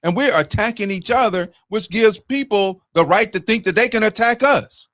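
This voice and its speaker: A man's voice: high-pitched, moderate pace, a bit bright, no echo, clean studio sound. A man in his fifties telling candid stories in casual talk as a show host. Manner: storytelling, candid and profane. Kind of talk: casual chat.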